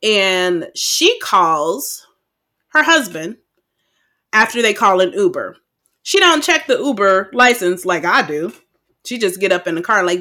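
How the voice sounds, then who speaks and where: A woman co-hosts a podcast and recaps a film in loose, profane chat, acting out her own reactions along the way. Her voice is bright and clear, at a middle pitch. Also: expressive, measured pace. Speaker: podcast co-host. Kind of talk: casual movie recap chat.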